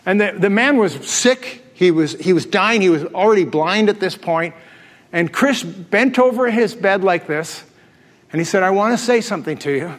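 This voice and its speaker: A man with a high voice preaches to his congregation, mixing jokes and laughter into his storytelling. His voice rings out in a large church hall with a long reverb tail. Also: normal speed. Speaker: pastor. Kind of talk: sermon.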